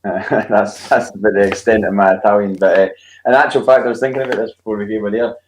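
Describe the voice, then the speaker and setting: Jokey low-voiced man in an echoey room. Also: fairly even intonation, fast, slight background noise. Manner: jokey, laughs often. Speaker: podcast co-host. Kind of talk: casual football chat.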